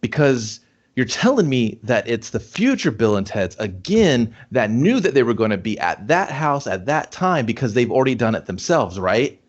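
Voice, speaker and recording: A man's voice: mid-range voice, big pitch swings, normal speed. A man co-hosting a casual movie review chat, rambling as he picks apart the plot's logic. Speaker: co-host. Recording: dull lo-fi audio.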